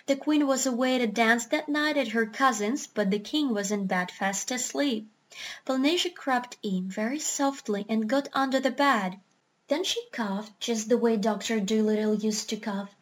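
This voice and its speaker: A woman reading a children's book aloud in a steady, expressive storytelling manner. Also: fairly high pitch. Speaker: narrator.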